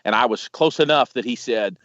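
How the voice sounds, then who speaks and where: Rambling and profane, a man with a mid-range voice speaks fairly quickly as he animatedly recounts stories on a casual podcast call from home. The recording sounds dry and lo-fi, with faint noise.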